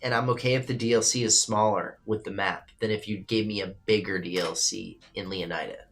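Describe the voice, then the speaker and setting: A livestream radio show host with a lowish, slightly bright voice talks briskly with fairly even intonation over soft background music. He chats casually, reads viewer comments and offers loose, opinionated takes, swearing freely.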